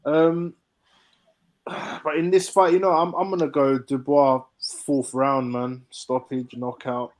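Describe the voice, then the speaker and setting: A man's voice: medium pitch, fairly even intonation, slow pace. A man who works as a ring announcer, giving a thoughtful, hedging prediction in casual chat.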